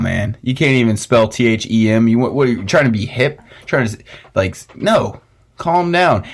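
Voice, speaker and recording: A young man hosting a casual podcast chat, ranting and swearing with frequent laughs. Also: mid-range voice. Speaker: podcast host.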